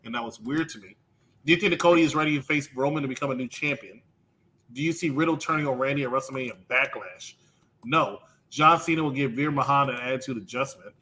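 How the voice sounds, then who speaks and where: A man co-hosting a wrestling podcast, reading out questions in a deadpan way. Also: mid-range voice, fast. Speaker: podcast co-host. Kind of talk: casual chat.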